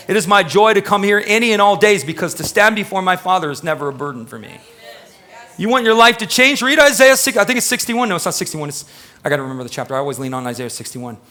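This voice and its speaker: Emphatic bright-voiced pastor preaching live. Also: male voice, fairly high pitch, very animated, fast talker. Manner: emphatic, conversational, questions the congregation. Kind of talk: live sermon. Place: church before a congregation.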